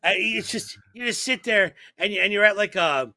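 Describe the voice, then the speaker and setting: High bright-voiced guy telling wild stories on a podcast, dry close mic. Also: normal speed, dry recording. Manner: animated storyteller, acts out voices. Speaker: podcast co-host. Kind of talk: casual comedic chat.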